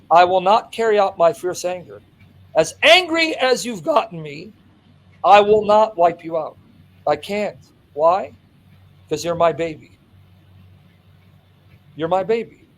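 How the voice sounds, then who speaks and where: A man's voice: high-pitched, poor audio. A man teaching from the Bible with impassioned emphasis, reading scripture aloud and explaining it point by point. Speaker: Christian apologist.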